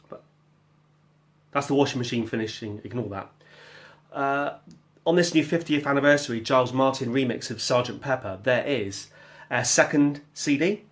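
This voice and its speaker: A man talking casually about making music at home, rambling and chatty, with jokey asides and bits of scat-singing. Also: medium pitch. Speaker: musician vlogger. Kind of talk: casual spoken vlog. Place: home kitchen.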